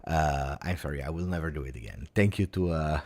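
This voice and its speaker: A man hosting a football chat show, talking in an animated, rambling way and often repeating himself. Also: rumbling low, a little fast, dry recording, clean studio sound. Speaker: football channel host. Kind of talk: casual chat.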